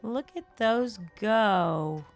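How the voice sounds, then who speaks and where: A woman's voice: medium pitch, animated, very slow, creaky, faint music behind. An older woman, chatting effusively and laughing often as she streams a game live and thanks her viewers. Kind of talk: live-stream chat while playing.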